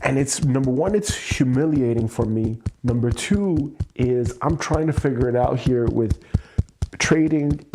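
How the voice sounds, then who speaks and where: A man's voice: mid-range voice, a little slow, warm tone, a little hiss or hum. A man venting his frustration in an emotional livestream monologue, swearing and repeating himself. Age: adult with a child. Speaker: host.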